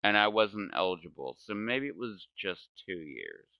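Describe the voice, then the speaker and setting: A man's voice: fairly low pitch, very animated, normal speed, gravelly, dry recording, muffled recording. A man in his forties telling a meandering story while gaming, often correcting himself and laughing. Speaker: gaming channel host.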